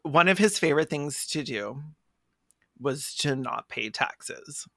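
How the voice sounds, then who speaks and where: Young woman, podcast co-host, bright tone, lively swoops in pitch, dry close sound. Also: slow pace, vocal fry, no room sound. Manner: animated, laughs often, slips into quoted voices. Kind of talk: casual comedic chat.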